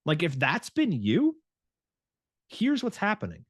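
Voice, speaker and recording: A male fitness coach giving a motivational talk, animated and acting out his clients' inner voices, with frequent restarts and filler words. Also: high-pitched, a little slow, slightly rough, dry recording, studio quality.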